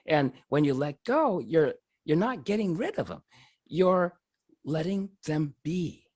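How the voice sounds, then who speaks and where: A man telling a personal story in an animated way, often breaking into laughter. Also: on the high side, unhurried, no room sound, studio quality. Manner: lively, animated delivery.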